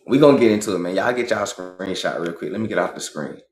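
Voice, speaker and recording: A man from Georgia with a Southern US accent, hosting an impassioned livestream monologue. He talks emphatically and profanely, his voice climbing high when he gets worked up. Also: quick pace, slight background noise. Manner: emphatic, profane, rising to excited high pitch. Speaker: livestream host. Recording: roomy echo.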